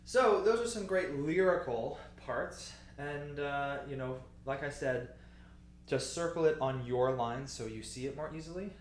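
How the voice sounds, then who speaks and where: A man's voice: on the high side, slight background noise. Man teaching a choir part in an echoey room. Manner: patient, explanatory, sometimes speaks lyrics slowly. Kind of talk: music lesson walkthrough.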